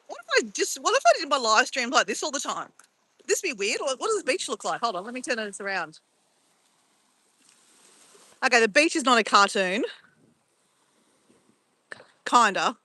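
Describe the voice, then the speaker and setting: A woman's voice: fairly high pitch, very animated, normal speed, long pauses, sharp tone, no echo, low-quality recording. A middle-aged woman chatting casually on a live stream from a phone held at arm's length, playful and giggly as she exclaims over camera filters. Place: outdoors near a beach.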